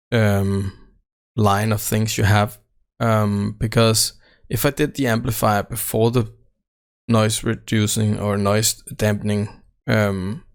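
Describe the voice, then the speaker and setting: A man casually walking through his recording setup, halting often with fillers and restarts, speaking close into a desk microphone at home. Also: lowish voice, vocal fry. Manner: halting, many fillers and self-corrections. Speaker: tech channel host. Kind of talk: casual how-to walkthrough. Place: home room without sound treatment. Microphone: close desk microphone right at his face.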